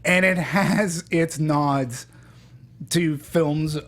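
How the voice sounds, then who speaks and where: A man hosting a casual movie review podcast, chatty and halting, with frequent restarts. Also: a little high, fairly bright tone. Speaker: podcast host.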